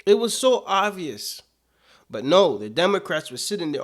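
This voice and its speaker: A man with a notably high voice delivers political commentary. He talks in an emphatic, indignant way and hammers his points home by repeating them. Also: very animated, moderate pace.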